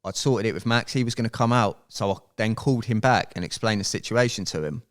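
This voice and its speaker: A man, a podcast guest, telling a story in casual chat, animated and swearing freely as he goes. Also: fairly low pitch, fast.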